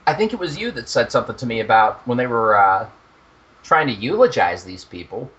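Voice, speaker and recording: A young man talks on a podcast with a lively, swooping voice that jumps up and down as he swears and laughs at his own jokes. His voice sits in a middle register. The sound is a bit dull and lo-fi. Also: medium pitch, a little fast. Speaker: podcast co-host. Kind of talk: casual podcast chat.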